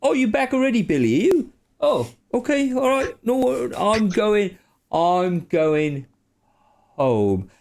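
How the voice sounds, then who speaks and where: A man voicing a confused, friendly man who rambles in halting bits. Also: lowish voice, mellow, close to an everyday voice.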